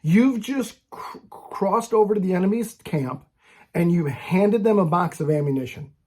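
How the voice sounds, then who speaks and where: A man's voice: sits high, lively intonation, moderate pace, dark tone. A man making an impassioned, preachy rant straight to camera for his video channel, blunt and full of repeated "okay?"s and restarts. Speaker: Christian video maker.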